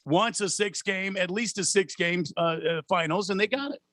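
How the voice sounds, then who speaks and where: A man's voice: high-pitched, normal speed, a bit bright, no echo, studio quality. A man co-hosting a sports radio show, pushing back in short plain rebuttals. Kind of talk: casual sports talk banter. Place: radio studio.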